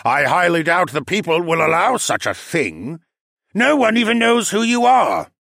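A man's voice: sits high, sing-song, normal speed, creaky, a bit bright, no room sound, clean studio sound, pitched above the performer's own voice, heavily acted. A man voicing an older male dragon lord, fat and hateful, with a sneering, snarling delivery. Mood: smug.

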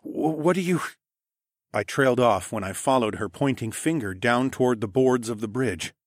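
A male narrator reads a first-person fantasy story expressively, at a middling pitch. He drops his voice low and soft for dialogue tags. The sound is dry and close to the mic. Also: moderate pace, dry recording. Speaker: audiobook narrator.

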